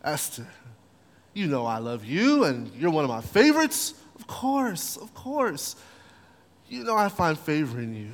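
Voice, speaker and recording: A man's voice: on the high side, wildly swooping pitch, measured pace, heavily acted. A man voicing an easygoing male king who talks casually with slang, in a sermon. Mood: fond. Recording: long hall reverb.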